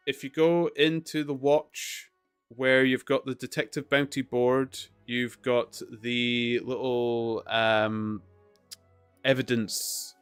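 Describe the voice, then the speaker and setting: A man's voice: on the low side, a bit bright, clean tone, no echo. A man chatting casually on a live stream, playful and rambling as he talks with viewers.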